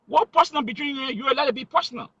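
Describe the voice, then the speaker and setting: A man's voice: very high voice, animated, rapid-fire, a bit bright, highs cut off. A man giving heated political commentary, emphatic and full of rhetorical questions.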